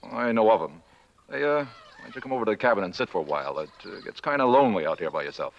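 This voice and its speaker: A man's voice: on the low side, lively intonation, racing, gravelly. An actor playing a guarded, suspicious frontier man who asks probing questions, in a 1960s TV western. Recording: muffled old TV soundtrack with faint hiss.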